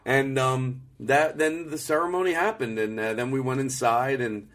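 A man's voice: mid-range voice, normal speed, a bit bright. A man co-hosting a podcast, telling rambling, profane comedic stories in casual chat from a hotel room. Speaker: podcast co-host.

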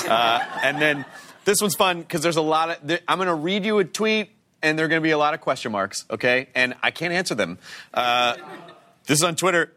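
A man's voice: on the high side, lively intonation, brisk, sharp tone. A man hosting a television talk show, introducing segments and reading viewer posts aloud. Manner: upbeat host reading viewer posts and teasing the next segment. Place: television studio with live audience.

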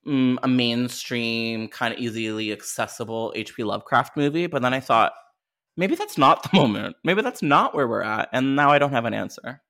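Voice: medium pitch, animated, normal speed, a bit bright. Joking, self-mocking podcast co-host. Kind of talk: casual podcast chat.

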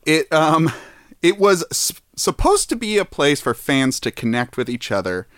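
A man's voice: on the high side, very animated, moderate pace, fairly bright tone, clear, resonant tone, dry recording, clean studio sound. A man co-hosting a comedy podcast in casual chat, rambling as he reads from an article. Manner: rambling, reading from an article with fillers. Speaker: podcast co-host.

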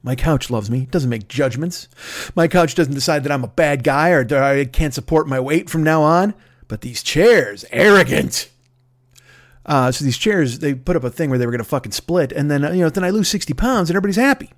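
A man's voice: fairly high pitch, lively intonation, a little fast. A middle-aged man hosting a podcast from home, doing a profane, rambling, self-mocking comedic monologue. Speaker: podcast host.

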